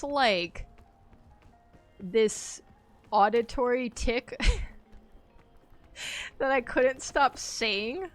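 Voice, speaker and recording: Woman streamer, fairly high voice, rambling casual chat with lots of giggles, faint music under her. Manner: chatty and rambling, laughs easily. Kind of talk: casual gaming livestream chat.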